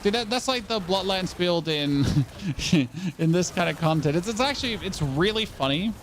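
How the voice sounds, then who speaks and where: A man's voice: high voice, animated, moderate pace, slight background noise. A young man giving casual gameplay commentary as a streamer, rambling, stammering over his words and asking his viewers questions.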